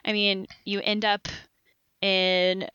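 A woman's voice: medium pitch, level tone, takes it slowly, pushed and bright, clear, resonant tone, dry recording, muffled recording. A woman chatting casually on a podcast, laughing often. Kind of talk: casual chat.

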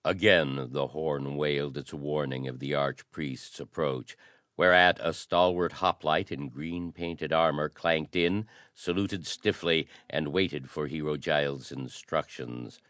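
A man narrating a pulp adventure story in a measured, dramatic reading style. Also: very deep voice, fairly bright tone, no room sound, studio quality. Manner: measured, dramatic reading of old-fashioned prose. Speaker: audiobook narrator. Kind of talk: scripted narration.

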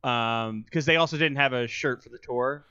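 A young man co-hosting a casual podcast, with dry, deadpan humor. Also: medium pitch, moderate pace, clean tone, dry recording, muffled recording. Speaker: podcast co-host. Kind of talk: casual chat.

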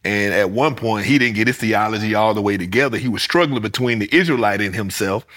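A man from the United States with an African American English accent, hosting a podcast in casual interview chat and telling stories with animated, high-jumping delivery. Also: fairly quick. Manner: animated storyteller, pitch jumps high when acting out stories. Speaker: podcast host.

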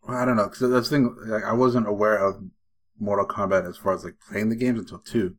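A man's voice: lowish voice, fairly even intonation, fairly quick. A man co-hosting a podcast, speaking in a casual, tentative way that often trails off. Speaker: podcast co-host. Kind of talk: casual chat.

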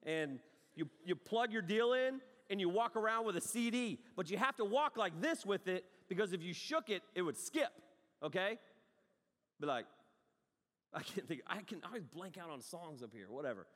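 A man in his forties preaches with lively storytelling, jumping from loud outbursts to hushed asides. His fairly high voice rings out through a large hall with a long, trailing reverb. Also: normal speed. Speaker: pastor. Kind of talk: sermon.

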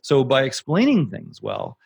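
A man who runs an audiobook production company, speaking as a guest in a casual interview, animated and emphatic and swearing for emphasis. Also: mid-range voice, a little slow, creaky, slightly rough, no room sound.

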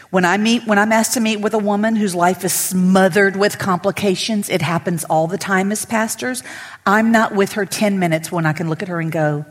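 A middle-aged woman pastor, preaching emphatically to women and swinging from loud to whispered. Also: mid-range voice, normal speed, breathy edge, long reverb tail. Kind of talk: sermon to women. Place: church sanctuary.

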